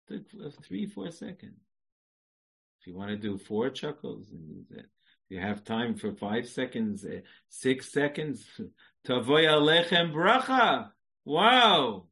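A man's voice: medium pitch, very animated, slow, vocal fry, pushed and bright, husky, low-quality recording. A man giving a religious lecture, repeating short phrases, laughing and breaking into song. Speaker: Jewish lecturer.

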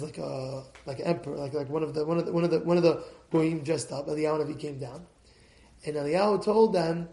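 A rabbi with a high-pitched voice delivers an animated storytelling sermon. He swings between hushed asides and loud exclamations. The sound is roomy and echoing.

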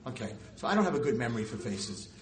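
Animated New rabbi telling stories. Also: male voice, fast talker. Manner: animated, swings up high and loud when acting out scenes. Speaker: rabbi and girls' school teacher. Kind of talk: storytelling lecture to an audience. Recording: roomy hall with faint noise.

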